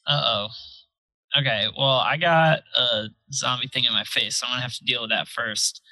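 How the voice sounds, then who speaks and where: A woman's voice: very deep voice, normal speed, bright, forceful tone, poor audio. A woman playing a tabletop game, chatty and playful, often laughing at the table. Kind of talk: casual tabletop play.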